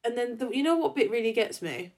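A woman with a somewhat high voice co-hosts a casual fan podcast. She retells scenes in a chatty, animated way and fills her talk with fillers. She jumps into quoted lines as she goes. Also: quick pace. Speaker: podcast co-host.

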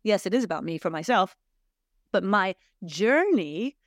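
Her medium-pitched voice animated but a little slow, a middle-aged woman from Sweden hosts a reflective solo podcast, searching earnestly and throwing many rhetorical questions at listeners. The audio is studio quality with no echo.

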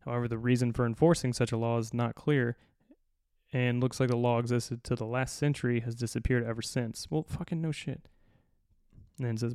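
Man, sarcastic and profane, gravelly, dry close sound, solo podcast host. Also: mid-range voice, warm tone, no echo. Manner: sarcastic, profane, exasperated reading of a list. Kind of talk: solo comedic podcast rant.

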